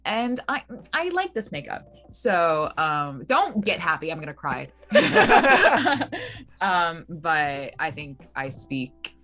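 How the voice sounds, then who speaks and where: A woman's voice: sits low, expressive, slow, few pauses, sharp tone. A woman in her twenties, tired and chatty, saying goodbye to viewers with lots of "like" fillers. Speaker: player. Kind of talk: casual goodbye on a stream. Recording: faint music behind.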